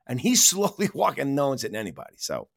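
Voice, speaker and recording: A man in a casual film podcast chat, animated, laughing often and swearing casually. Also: medium pitch, fast talker, gravelly, dry recording, studio quality.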